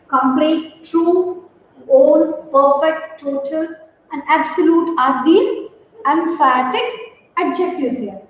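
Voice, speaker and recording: A high-pitched woman gives a classroom grammar lesson, drawing out each word at an unhurried pace. Her voice sounds distant, bouncing around a very echoey room with a long reverb, dull and lo-fi. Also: darkish tone, a little hiss or hum. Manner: slow and deliberate, repeating words for students. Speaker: teacher.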